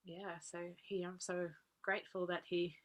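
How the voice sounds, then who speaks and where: A woman, earnestly recalling personal memories as a guest speaker, laughing softly now and then. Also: on the low side, flat delivery, normal speed, highs cut off. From Australia. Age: 40s. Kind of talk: personal reminiscence talk.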